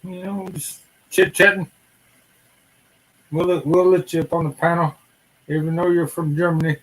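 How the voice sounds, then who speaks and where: A man's voice: a little high, little pitch movement, normal speed, a bit bright, low-quality recording. A man hosting a livestream, chatting and joking in a folksy way. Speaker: livestream host. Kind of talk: casual chat.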